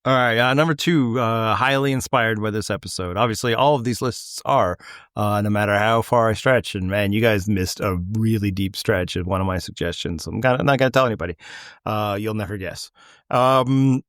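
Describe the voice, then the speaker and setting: A man's voice: fairly low pitch, normal speed, fairly bright tone, clean tone, no echo, studio quality. A middle-aged man with a Canadian accent, hosting a casual podcast chat in a loose, rambling way that wanders mid-sentence. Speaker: podcast host.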